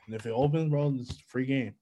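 A young man in casual chat, telling a story in animated, profanity-laced slang. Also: mid-range voice, fairly quick, poor audio.

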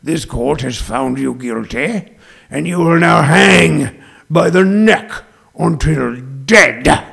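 A man voicing a stern old male judge handing down sentences, slow and grave. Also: animated, gravelly, fairly bright tone, slightly rough, heavily acted. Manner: slow, grave, booming delivery.

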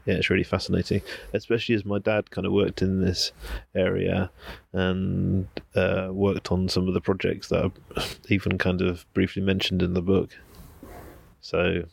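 Low gravelly man, rambling diary. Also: normal speed, no echo. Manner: rambling, relaxed, many fillers. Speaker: podcaster. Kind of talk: casual audio diary. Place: outdoors at home, near a street. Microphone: handheld recorder on the move.

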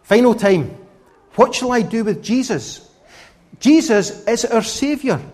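A man's voice: extremely high pitch, measured pace. A man preaching a children's sermon who asks the children questions and coaxes answers from them. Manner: animated, questioning the children directly. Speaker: preacher giving a children's talk.

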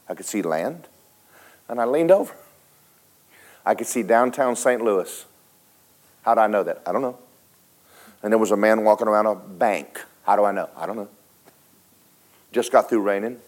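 Preacher man with a low voice. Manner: dramatic storytelling, swings from loud to hushed; folksy, speaks to the congregation directly. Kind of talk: sermon.

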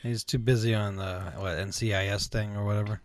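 A woman's voice: a bass voice, fairly even intonation, a little fast, darkish tone, no room sound. A woman co-hosting a casual chat, dropping short, dry comments. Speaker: podcast co-host.

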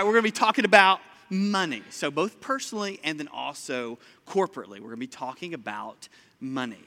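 A man preaching a sermon from a church stage in a lively, conversational way, talking straight to the congregation. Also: on the high side, normal speed. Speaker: pastor. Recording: long hall reverb.

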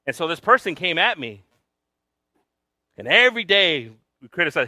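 A man preaching a sermon, telling a personal story with big swings from loud shouting down to a near whisper, sometimes switching to Spanish for the congregation. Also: on the high side, very animated, moderate pace, long pauses, dry recording, studio quality. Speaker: pastor.

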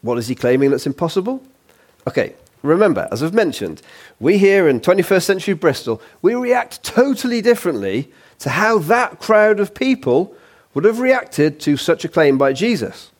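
Male preacher with a husky, slightly high voice, who preaches conversationally and drops in jokes. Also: moderate pace. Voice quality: husky, lively and conversational, with playful asides. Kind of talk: sermon. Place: church.

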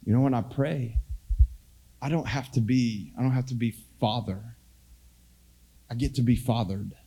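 A middle-aged male pastor gives a casual, self-deprecating sermon that feels like conversation, alternating hushed and loud moments. His mid-range voice moves at normal speed and is slightly rough, with vocal fry.

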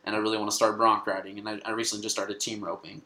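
A young male comedian appears as a guest, telling a story casually while swearing frequently and restarting his sentences. His lowish voice is level in tone, very fast, pushed and bright. The room is echoey and the recording rough.

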